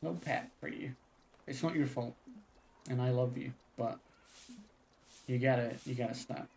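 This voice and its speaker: A man's voice: mid-range voice, measured pace, gravelly, slight background noise. A man streaming a cozy game, chatting casually and reading its text aloud. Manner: relaxed, chatty, talks to the game. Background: game music.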